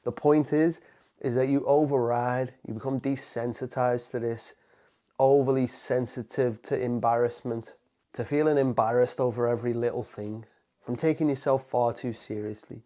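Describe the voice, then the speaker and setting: A man's voice: medium pitch, steady tone, moderate pace, mellow. A man, a motivational coach, talking straight to camera in an emphatic, casual way and calling the viewer "man". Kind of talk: direct-to-camera motivational talk.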